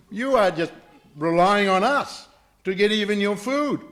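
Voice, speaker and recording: A man's voice: high-pitched, expressive, very slow, darkish tone, pitched above the performer's own voice, exaggerated voice. A man voicing an angry young princess from a scripture story, hurling insults. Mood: furious. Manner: furious insulting. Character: hot-tempered young princess.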